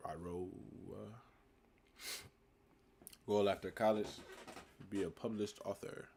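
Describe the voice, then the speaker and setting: A nineteen-year-old man hosts a casual livestream, reading viewers' comments aloud and answering them in a relaxed way. His voice sits low and carries a gravelly, fry-heavy edge. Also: takes it slowly, slight background noise. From United States. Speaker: livestream host. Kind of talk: casual live-stream chat answering comments.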